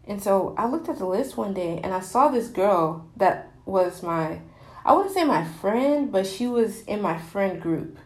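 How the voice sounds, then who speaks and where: A woman's voice: medium pitch, expressive, measured pace, roomy sound. A woman in her twenties telling a candid personal story, rambling with many fillers and restarts.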